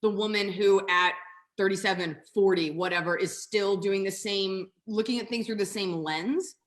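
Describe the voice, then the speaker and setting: A woman in her thirties talks as a comedian guest on a video call. Her voice sits at an ordinary pitch. She chats in a lively, self-mocking way, full of quick asides. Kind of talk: casual interview chat.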